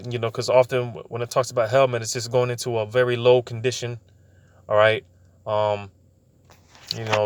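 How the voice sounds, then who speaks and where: A man giving an informal bible teaching, stumbling over words with many fillers and repeats, slowing down when he reads verses aloud. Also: mid-range voice, a little hiss or hum. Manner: slows down to read scripture aloud.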